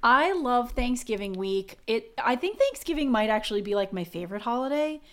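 A woman's voice: fairly high pitch, very animated, brisk, a bit bright. A woman co-hosting a podcast, talking in a bubbly, chatty way full of fillers. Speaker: podcast co-host. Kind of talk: casual chat and read sponsor spot.

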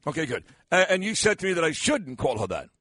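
A man's voice: on the high side, very animated, fast, fairly bright tone, husky, dry recording. An older man hosting a morning radio talk show, rambling and self-mocking with lots of fillers, sounding tired and losing his voice. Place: radio studio.

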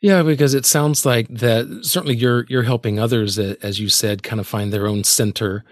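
A man hosting an interview, summing up his guest's points in a measured, reflective way. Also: medium pitch, dry recording, studio quality. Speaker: interviewer host. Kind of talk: casual interview conversation.

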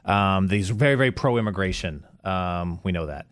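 A man's voice: low voice, expressive, normal speed, clean tone, no echo, studio quality. A man co-hosting a casual political talk show, rambling as he talks and laughing along with his co-host. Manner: rambling, lots of fillers and restarts, laughs along.

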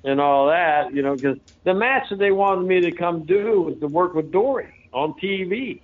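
A man's voice: high-pitched, moderate pace. A man telling stories in a loose, rambling way with plenty of fillers, as an interview guest. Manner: rambling, folksy, lots of fillers. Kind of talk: casual storytelling. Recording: phone-like narrow sound.

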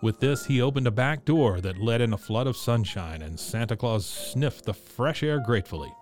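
A man narrating a classic storybook in a steady, measured reading. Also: medium pitch, soft background music. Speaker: audiobook narrator.

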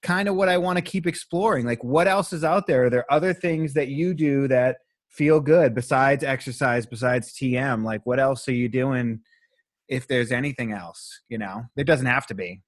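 A man's voice: medium pitch, normal speed, no echo, clean studio sound. A man hosting a podcast as a breathwork teacher, talking in an earnest, open way with casual swearing.

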